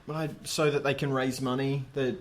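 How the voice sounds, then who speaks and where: A man's voice: mid-range voice, level tone, normal speed. A man co-hosting a podcast, recounting the plot step by step with dry understatement in casual chat. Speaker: podcast co-host. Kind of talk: casual episode recap chat.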